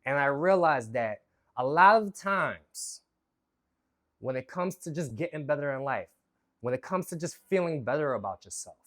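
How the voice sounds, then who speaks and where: A man vlogging a candid, animated personal story, swearing freely and acting out his own inner voices. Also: on the high side, normal speed.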